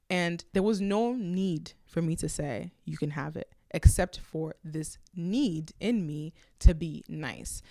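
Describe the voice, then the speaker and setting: A woman with a fairly low voice hosts her own podcast and talks frankly to the listener. She tells personal stories in a relaxed, lively way, and the sound is dry and close, with no room echo. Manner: candid, conversational, animated storytelling. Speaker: podcast host. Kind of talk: casual solo podcast talk.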